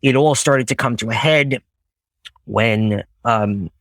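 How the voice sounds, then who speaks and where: A young man recounts his past to a support group in a candid, blunt voice of middle pitch. He slips into lively voices for the people in his story and swears casually. The sound is close and dry. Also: takes it slowly, dry recording. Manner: animated storytelling, acting out past conversations. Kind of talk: candid personal testimony in a group.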